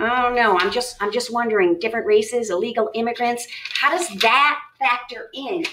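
A woman teacher modeling a reading lesson, thinking aloud with lively, emphatic self-questions. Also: fairly high pitch, low-quality recording.

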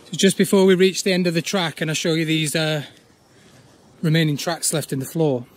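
A man, chatting casually as he walks an overgrown old railway path outdoors, often pausing on "uh". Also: a little high, level tone. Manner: chatty, with frequent "uh" pauses. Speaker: urban exploring vlogger. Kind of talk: casual walk-and-talk commentary.

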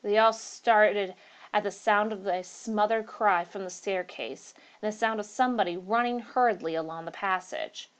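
Female narrator, steady read of a classic tale. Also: medium pitch, normal speed, few pauses, smooth. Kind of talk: reading aloud a classic story.

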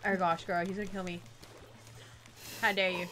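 A woman's voice: lowish voice, level tone, moderate pace, pauses often, a bit bright. A young woman with a stuffy nose, chatting and laughing through a casual gaming stream. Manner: giggly, dramatic outbursts while playing.

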